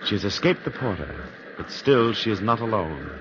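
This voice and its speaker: Deep dramatic radio narrator, man. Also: very animated. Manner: measured, dramatic. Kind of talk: scripted narration. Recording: dull lo-fi old radio recording with hiss.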